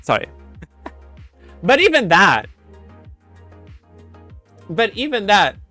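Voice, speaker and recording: A man streaming in a casual chat, animated and giggly, breaking into sound effects. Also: high-pitched, slow pace, soft background music.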